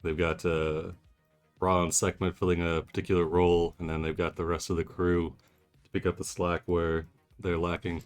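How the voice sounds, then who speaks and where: Deep-voiced male player, measured. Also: level tone, smooth, soft background music. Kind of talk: casual chat in character talk.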